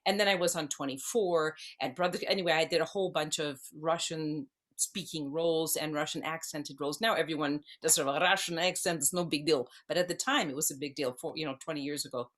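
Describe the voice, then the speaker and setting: A woman's voice: deep voice, brisk, fairly bright tone. Rambling woman around sixty telling stories. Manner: rambling, digressive, circling back. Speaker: actress guest. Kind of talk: casual interview storytelling.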